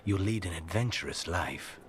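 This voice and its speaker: An actor playing a grave, brooding male assassin companion in a video game, speaking in a measured, intense way. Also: sits low, close to an everyday voice. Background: game music.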